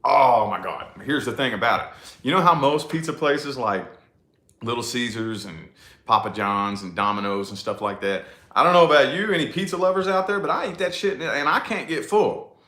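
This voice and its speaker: A man, chatting casually and profanely to a live audience with a rambling, drawn-out delivery. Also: mid-range voice, sharp tone. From New Albany, Indiana, USA. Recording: echoey room.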